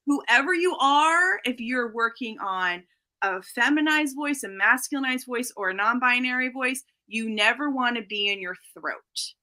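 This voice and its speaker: Woman voice coach guest, bright and clear, explains and demonstrates resonance. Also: on the high side, expressive, a little slow. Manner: demonstrates voice placement while explaining. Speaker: speech-language pathologist guest. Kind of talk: explanatory interview talk.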